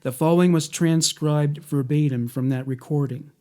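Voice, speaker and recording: A man reading a scripted documentary narration in a measured, matter-of-fact way. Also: a little high, steady tone, warm tone.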